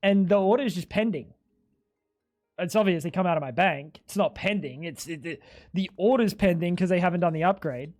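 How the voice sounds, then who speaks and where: A man's voice: high-pitched, a little fast, a little mellow, faint music behind. A man streaming live, chatting casually in a ranting, exasperated way full of swearing.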